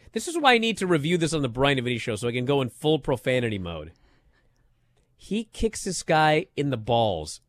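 Man co-host, lively pitch, bright tone, casual and excitable, dry close recording. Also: no room sound. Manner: animated, rising to loud disbelief. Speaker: wrestling show co-host. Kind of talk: casual podcast chat.

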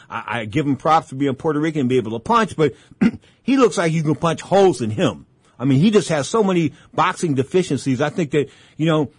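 A man's voice: a little high, slightly rough, no echo. A man hosting a boxing talk show, rambling in casual commentary and repeating himself as he tells fight stories. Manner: rambling, repeats himself, acts out old exchanges.

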